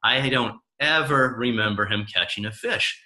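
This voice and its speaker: Animated storytelling man, bright tone. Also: medium pitch, moderate pace. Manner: animated storyteller who acts out the voices of the people in his stories. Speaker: coach. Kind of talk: personal storytelling talk.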